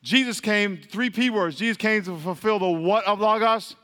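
High-voiced preacher quizzing his congregation. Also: normal speed, pushed and bright. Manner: repeats questions, quizzes the crowd, laughs often. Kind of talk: call-and-response Bible teaching. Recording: long hall reverb.

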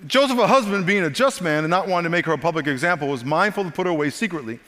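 Animated grandfather pastor in a reverberant hall. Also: a little high, very fast. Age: older. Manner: animated storytelling with voiced asides. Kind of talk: sermon.

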